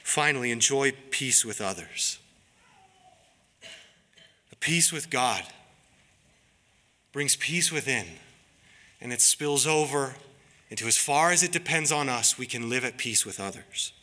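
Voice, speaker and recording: A man preaching a sermon as pastor, in an earnest, pleading, deliberate way. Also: mid-range voice, animated, sharp tone. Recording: long reverb of a large hall.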